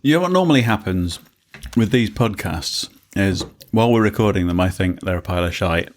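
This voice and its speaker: A man's voice: low-pitched, expressive, a little fast. A man hosting a podcast at home, rambling and joking, laughing often while eating at the table. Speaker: podcast host. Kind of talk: casual chat.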